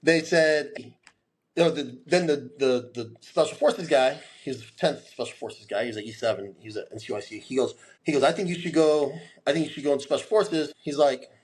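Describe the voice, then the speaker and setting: A man's voice: medium pitch, fairly quick, husky. A man in his forties as a podcast guest, telling a long story and acting out the voices of the people in it. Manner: animated storyteller, acts out quoted dialogue.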